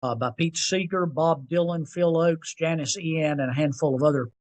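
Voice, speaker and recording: Male podcast guest, songwriter, slightly raised pitch, thoughtful and unhurried recollection. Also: poor audio. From North Carolina. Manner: reflective, unhurried, repeats words while recalling. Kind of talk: storytelling interview.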